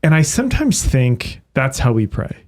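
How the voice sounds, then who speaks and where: A man who is a priest, chatting on a podcast. He tells stories with animated energy, his voice at an everyday middle pitch. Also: normal speed. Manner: animated storyteller. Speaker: priest guest. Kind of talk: casual podcast conversation.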